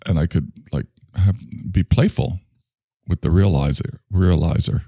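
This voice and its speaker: Gravelly rambling male podcaster in pain. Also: deep voice, measured pace, dark tone, dry recording, studio quality. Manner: rambling, self-mocking, swings between grumbling and enthusiasm. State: in back pain. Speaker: podcast host. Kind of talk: casual solo monologue.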